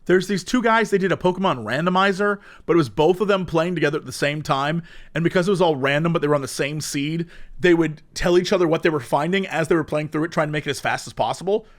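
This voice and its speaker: A young man co-hosts a podcast, speaking quickly in a fairly high voice. In casual chat he tells animated stories, acting out the voices of the people in them.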